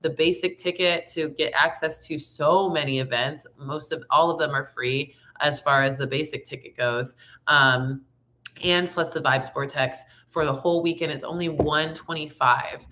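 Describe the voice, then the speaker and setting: A young woman hosts a casual spiritual vlog with a raspy voice, still hoarse after laryngitis. Her tone sits low yet bright and forward, and she talks upbeat, chatty and slangy. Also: fairly even intonation, normal speed. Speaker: tarot reader and singer.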